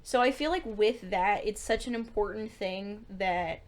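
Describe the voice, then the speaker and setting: A young woman co-hosts a casual podcast. She gives her views on a film bluntly and frankly and now and then swears. Her pitch sits in the middle for a woman. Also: measured pace. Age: young adult. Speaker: podcast co-host.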